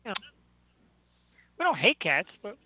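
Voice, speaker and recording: A man hosting a talk show, chatting and ranting about sports in an excitable, joking way. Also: sits high, measured pace, dry recording. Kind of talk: casual sports rant and chat. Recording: tinny phone-like line with faint noise.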